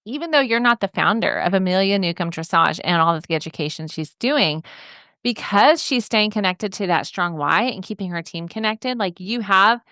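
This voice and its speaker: A woman's voice: mid-range voice, expressive, moderate pace, bright, forceful tone, dry recording, clean studio sound. A woman hosting a podcast interview, reflecting on and affirming her guest's story. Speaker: podcast host.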